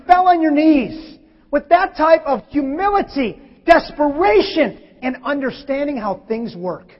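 Male preacher, high-pitched, animated sermon delivery; dull hall recording with long reverb. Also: measured pace. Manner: animated, acts out scripture quotes with sudden loud shifts. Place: church hall.

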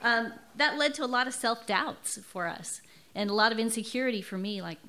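A middle-aged woman shares her testimony at a church service. Her voice is bright and sits a little high. She speaks earnestly and with emotion, repeating words to drive her points home. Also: expressive, fairly quick. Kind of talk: personal testimony in a sermon.

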